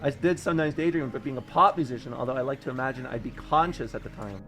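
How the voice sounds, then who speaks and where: A man chatting casually while streaming a video game, rambling and joking with sudden excited yelps. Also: medium pitch, fast, faint music behind. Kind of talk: casual gameplay commentary.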